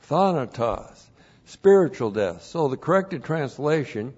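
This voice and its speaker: Man, preacher, verse-by-verse Bible teaching, emphatic, repeats points, slow delivery, dull lo-fi recording. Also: medium pitch, sing-song, a little mellow, slightly rough. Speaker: pastor teaching scripture.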